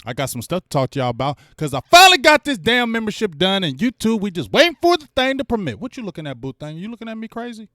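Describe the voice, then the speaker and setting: A man hosting a live-stream football fan show, very animated and loud, shouting out to his chat. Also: high voice, fast talker, hardly any pauses, no echo, clean studio sound. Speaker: livestream sports show host.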